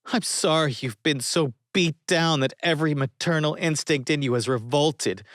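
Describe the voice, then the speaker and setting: A man's voice: on the high side, fairly bright tone, no echo, studio quality, pitched above the performer's own voice. A man voicing a fierce young woman who is passionately scolding someone. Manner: impassioned and scolding. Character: fierce young woman defending her love.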